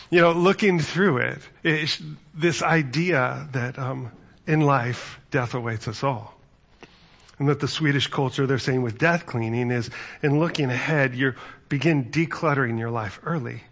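A man's voice: mid-range voice, moderate pace, fairly bright tone, highs cut off. A man giving a conversational sermon as pastor, telling stories and acting out quotes. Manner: conversational, storytelling with acted-out quotes.

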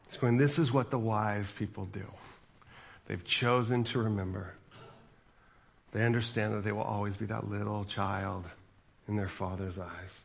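A man's voice: on the low side, gravelly, dull audio, a little hiss or hum. A man in his forties, a pastor, giving a chatty sermon with asides to the congregation.

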